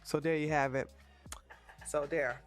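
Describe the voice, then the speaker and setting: A woman's voice: deep voice, steady tone, a little slow, faint music behind. A woman hosting a casual livestream, chatting frankly with viewers and reading their comments, with many restarts and laughs. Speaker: livestream host.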